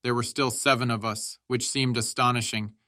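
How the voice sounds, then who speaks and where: Male narrator, bright and forceful tone, dry close-mic sound, dramatic audiobook reading. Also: level tone, normal speed, dry recording. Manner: shouts quoted soldiers' lines with raised pitch.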